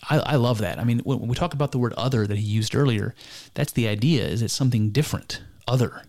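A man's voice: medium pitch, darkish tone. Earnest man musing aloud. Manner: musing, earnest, halting with many restarts. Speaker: speaker discussing mysticism. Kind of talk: reflective spoken commentary on a text.

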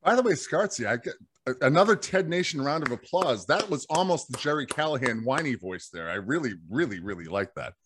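A man's voice: mid-range voice, lively intonation, fairly quick, noisy background. A man hosting a casual sports podcast, reading listener emails with wry banter. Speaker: podcast host.

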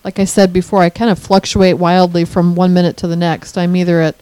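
A middle-aged woman co-hosting a casual podcast, animated and quick to laugh. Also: on the low side, clear, resonant tone, no echo. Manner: animated, laughs often, acts out her own thoughts. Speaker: podcast co-host. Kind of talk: casual chat.

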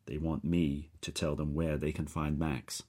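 A man reads a first-person thriller in an unhurried, measured way. His voice sits extremely low, with a husky, breathy grain to it. The delivery is steady and even throughout. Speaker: audiobook narrator.

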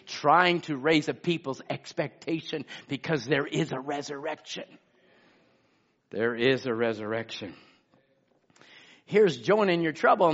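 A man preaching a sermon, swinging from loud exclamations to hushed asides. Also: fairly high pitch. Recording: muffled lo-fi sermon recording.

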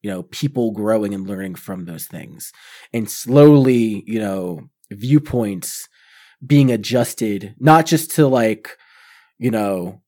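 A man from Virginia in casual podcast chat, talking earnestly and haltingly with many fillers. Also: fairly low pitch, lively intonation, mellow. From northern Virginia, USA. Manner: earnest, halting, many "you know" fillers, swears when riled.

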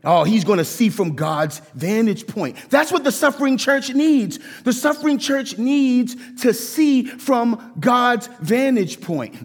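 A pastor with a voice that sits high for a man delivers a lively, animated sermon, acting out voices as he teaches. He speaks a little slowly with hardly any pauses, and a long church-sanctuary reverb trails his words.

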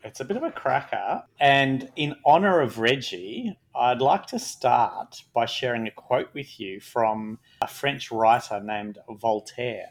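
A man with an Australian accent hosting a podcast, telling a story in a relaxed, jokey way. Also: mid-range voice, unhurried, few pauses. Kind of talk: casual chat.

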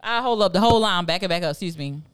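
A woman's voice: fairly low pitch, expressive, rapid-fire, clear, resonant tone, no room sound, studio quality. A middle-aged woman co-hosting a podcast in casual chat, ranting with swearing and frequent laughs. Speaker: podcast co-host.

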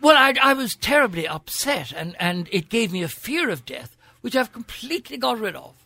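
Older Irish gent with a grand upper-class accent, gravelly and bright, wry raconteur, dry studio sound. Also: male voice, sits high, sing-song, normal speed, no echo. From Ireland. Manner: theatrical, wry storyteller. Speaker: guest, senator. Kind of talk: frank anecdotal interview. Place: radio studio.

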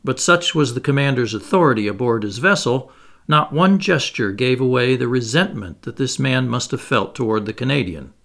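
A man narrating a classic novel in a measured, expressive reading style. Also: mid-range voice, vocal fry. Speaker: audiobook narrator. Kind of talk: scripted narration.

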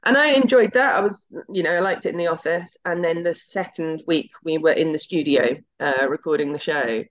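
A woman's voice: sits low, brisk. A middle-aged woman, a TV executive guest, telling her story in a chatty, anecdotal way and acting out the dialogue. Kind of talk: casual interview storytelling. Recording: slightly muffled lo-fi audio.

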